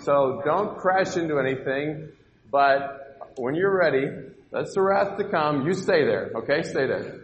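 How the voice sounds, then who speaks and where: A man's voice: fairly high pitch, expressive, measured pace, muffled recording, slight background noise. A man teaching an interactive Bible lesson to children in a church hall, upbeat and coaxing, directing the kids with questions. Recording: echoey hall with long reverb.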